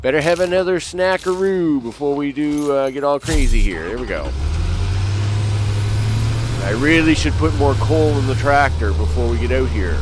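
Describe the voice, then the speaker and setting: A man's voice: mid-range voice, animated, moderate pace, noisy background. A man giving rambling, casual commentary on his gameplay as host, full of fillers and asides to enemies. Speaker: gaming channel host.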